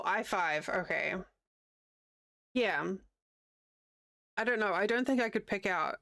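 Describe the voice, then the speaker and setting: A woman in her thirties chats casually and rambles while crocheting on a livestream, laughing easily. Her fairly low voice has vocal fry and a bit of brightness, and her New Zealand accent carries a slight American Southern tinge. The studio-quality recording has no room sound.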